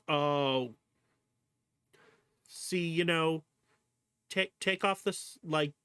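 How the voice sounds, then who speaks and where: A male streamer in a relaxed livestream chat, talking slowly and sitting a bit higher in pitch than most men. He laughs a lot, swears casually and calls out at the screen. The sound is dry and close, with no room echo.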